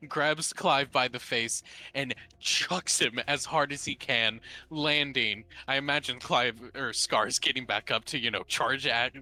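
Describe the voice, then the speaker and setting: A man narrating a tabletop game as game master, halting and often restarting his sentences. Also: mid-range voice, bright, forceful tone.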